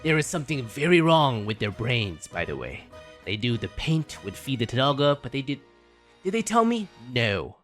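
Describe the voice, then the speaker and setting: A man voicing a boastful, blustering older duke in a lowered voice, speaking in short, self-praising phrases. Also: sing-song, normal speed, fairly bright tone, faint music behind.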